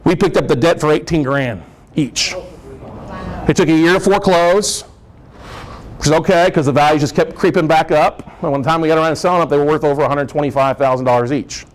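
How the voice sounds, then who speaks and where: A man speaking to a real estate investor group, telling stories in an animated, joking way and laughing often. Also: on the high side, a little fast, low-quality recording. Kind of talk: storytelling presentation.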